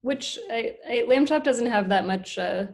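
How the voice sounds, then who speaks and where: Slow, hesitant woman podcast host. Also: on the high side, darkish tone. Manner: hesitant, many fillers.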